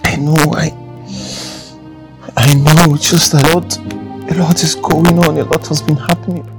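Guy playing a sorry husband begging forgiveness, gravelly voice, half whispering. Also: mid-range voice, takes it slowly. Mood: pleading. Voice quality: creaky. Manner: pleading, often whispered. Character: remorseful husband begging his wife's forgiveness. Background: music.

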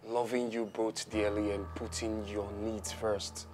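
A man's voice: fairly low pitch, little pitch movement, a little slow, a little mellow, soft background music, natural voice. A man playing a tired father who soothes his crying daughter and pleads with his partner, in a family drama skit. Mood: pleading. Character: weary father torn between daughter and partner. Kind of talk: amateur family drama acting.

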